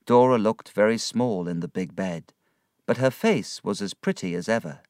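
A man narrating a storybook in a measured, expressive reading style. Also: fairly low pitch, dry recording, studio quality.

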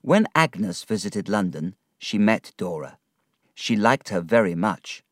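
A man reading a storybook as narrator, slow and expressive. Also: lowish voice, no room sound, studio quality.

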